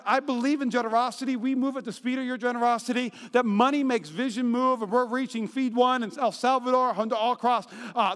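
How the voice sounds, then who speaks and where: A long reverb follows the words of a pastor with a strikingly high voice as he delivers a lively sermon in a church auditorium. He narrates stories animatedly and acts out the quotes in high voices.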